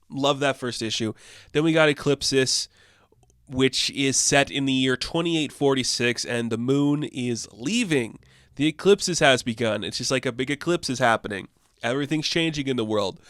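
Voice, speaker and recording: A man's voice: medium pitch, a bit bright, clean tone, no room sound, clean studio sound. A man chatting casually and enthusiastically as a comic book reviewer, rambling with many fillers.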